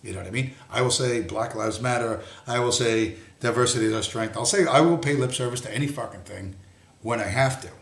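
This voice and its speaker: A man's voice: medium pitch, fairly quick. A man hosting a livestream, giving an angry, profane monologue and swearing bluntly throughout. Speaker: livestream host. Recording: roomy echo.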